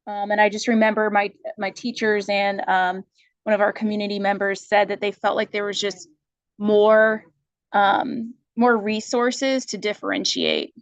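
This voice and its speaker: A woman's voice: mid-range voice, unhurried, no echo. A woman representing a school, speaking informally and with some animation about her committee's choice.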